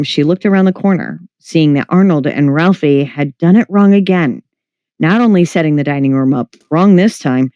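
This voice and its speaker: Fiction narrator, even delivery, mid pitch, dry muffled recording. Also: no room sound. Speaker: story reader. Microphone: home mic, livestream.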